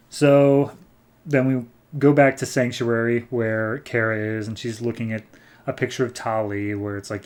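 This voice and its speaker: A man's voice: medium pitch, flat delivery, darkish tone. Chatty man recapping comics. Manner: loose, chatty, slips into quick character voices. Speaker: comic book podcast host.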